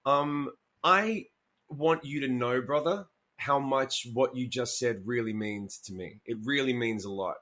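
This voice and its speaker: A candid male musician talks through his story in a casual interview, cursing freely and slipping into little acted-out quotes. His pitch sits in an ordinary middle range. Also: unhurried, bright, forceful tone. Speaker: musician guest.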